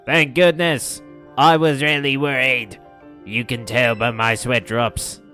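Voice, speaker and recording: A man's voice: mid-range voice, animated, moderate pace, a bit bright, faint music behind, lightly acted. A man reading aloud the lines of an eager teen girl companion from a video game, slipping into a slight accent. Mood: earnest.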